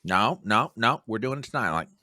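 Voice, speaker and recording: Speaking fairly quickly in a voice on the low side, a middle-aged American podcast guest spins a long travel tale. He's an animated storyteller who performs the quotes himself, and the clean studio recording has no echo.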